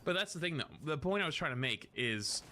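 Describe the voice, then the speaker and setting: A young man streaming and commentating on a game in a casual, rambling way, joking in quick asides. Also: on the high side, expressive, background noise. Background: game music.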